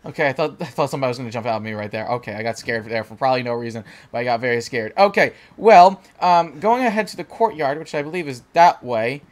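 A man's voice: medium pitch, lively intonation, quick pace, hardly any pauses. A young man giving rambling, chatty let's play commentary as a gaming channel host, talking back to the game's characters and reacting to scares. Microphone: desk microphone with facecam.

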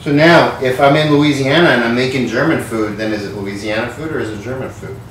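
Here his voice is medium-pitched, a bit bright, and a little fast as he stumbles tipsily through his comedic cooking vlog, full of profane, rambling banter. The mic is set well back, so the hard kitchen walls add heavy echo, and a faint hiss runs underneath.

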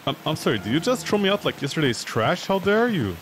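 A man streaming a horror game, excitable and joking as he yelps at what happens on screen. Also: fairly high pitch, fast, slight background noise. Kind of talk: let's play commentary. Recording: game music playing behind voice.

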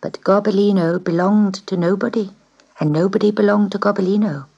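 A woman reading a children's storybook aloud in an expressive way, dipping into whispers on key words. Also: medium pitch, a little fast, husky, dull audio.

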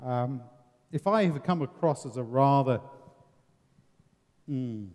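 Speaking slowly in a medium pitch, this seminar presenter has a slightly mellow voice and an English accent; he comes from England. He guides the discussion earnestly, with rhetorical questions and dry wit, and the hall around him is reverberant.

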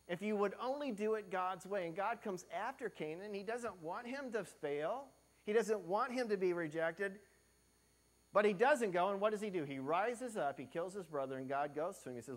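Male preacher, slightly high voice; church sermon, rhetorical questions, acts out quoted figures. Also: animated, moderate pace. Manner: preaches with swings from loud to hushed; many questions to the congregation. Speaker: pastor.

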